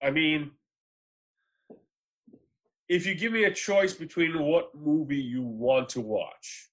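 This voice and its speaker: A man co-hosting a casual movie podcast, telling stories with animated energy and acting out the people he quotes. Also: on the high side, takes it slowly. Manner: animated storyteller, acts out quoted voices. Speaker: podcast co-host. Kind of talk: casual movie chat and storytelling.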